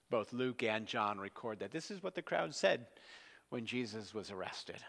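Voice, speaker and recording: A man's voice: on the low side, lively intonation, normal speed, vocal fry, fairly bright tone, in a large hall. A man preaching an expository sermon in a conversational, storytelling manner.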